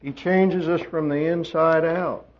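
A man preaching a sermon, swinging from loud emphatic peaks down to quiet asides. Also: steady tone, measured pace. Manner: emphatic, rising to loud high peaks then dropping quiet. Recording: dull lo-fi sermon recording.

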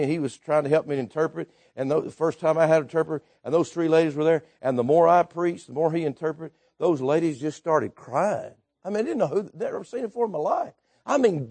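A man preaching a sermon, telling stories with folksy asides and swinging from quiet remarks to shouts. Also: fairly high pitch.

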